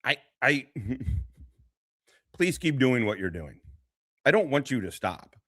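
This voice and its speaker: Rambling, foul-mouthed male streamer reacting to clips, bright, edgy voice recorded close and dry, laughs a lot as he talks. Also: medium pitch, very animated, slow, no echo. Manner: rambling, crude, laughing often. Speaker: commentary streamer. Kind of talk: profane reaction commentary.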